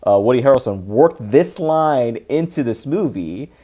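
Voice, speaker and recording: A man's voice: medium pitch, lively intonation, moderate pace, dark tone. A man co-hosting a talk show, casually recapping a film's plot with frequent restarts and laughter. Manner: rambling, restarts, laughs often. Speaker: podcast co-host. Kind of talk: casual movie recap chat.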